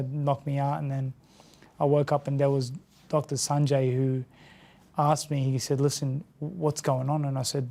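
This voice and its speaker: An Australian man recounting a hard personal story in an interview, in a halting, earnest way that often repeats words and restarts. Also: medium pitch, vocal fry, darkish tone. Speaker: interview guest. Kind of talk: emotional personal account in an interview.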